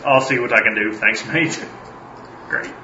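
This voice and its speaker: A man's voice: mid-range voice, unhurried, pushed and bright, muffled recording, slight background noise. A man playing in a tabletop game, bargaining cheekily and joking with the group. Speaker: player. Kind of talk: casual tabletop banter. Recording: roomy room sound.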